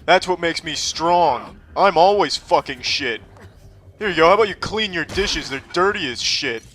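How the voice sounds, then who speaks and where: A man's voice: fairly high pitch, animated, moderate pace, a bit bright. A man giving crude, sarcastic gameplay commentary and talking trash to the enemies in the game. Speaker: gaming commentator.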